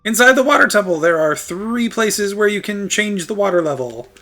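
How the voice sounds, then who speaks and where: A pushy young fish-princess bride-to-be, as a male gamer puts her on, with a fake French lilt. She pleads and bosses in a raised, bright, theatrical voice over faint game music. The delivery is overblown and melodramatic. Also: high voice, animated, moderate pace, voice pushed up, heavily acted. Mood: bossy. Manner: put-on mock French accent.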